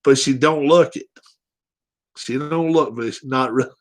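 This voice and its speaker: A man's voice: medium pitch, normal speed. A man hosting a casual livestream, blunt, joking and profane. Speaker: livestream host.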